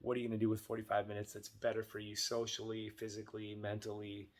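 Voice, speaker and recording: A man's voice: fairly low pitch, completely flat delivery, fast, slight background noise. A middle-aged man, a martial arts instructor, giving casual advice to parents and acting out quoted dialogue as he goes. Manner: chatty, acts out quoted dialogue.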